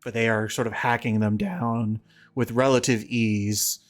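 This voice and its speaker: Running a tabletop session, this game master narrates at an easy, stop-and-start pace with plenty of fillers. He speaks in a mid-range voice.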